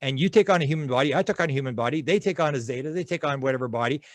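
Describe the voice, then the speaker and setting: A man's voice: medium pitch, rapid-fire, dry recording. Rambling storytelling man, dry sound. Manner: rambling storyteller, many restarts. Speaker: interview guest. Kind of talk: conversational interview.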